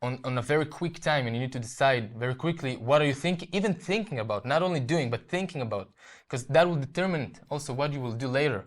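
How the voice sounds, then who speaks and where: With a fairly high pitch and lively intonation, a young adult Israeli man tells his story earnestly as an interview guest. His testimony comes out haltingly, with repeated words and frequent restarts.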